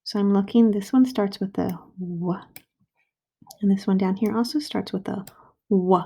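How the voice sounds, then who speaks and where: A woman teaching first graders to write a sentence, slowly sounding out each word and syllable with patient, clear steps. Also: medium pitch, warm tone. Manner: slow, patient, sounding out words. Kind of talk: recorded writing lesson for children. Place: home. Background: dog barking.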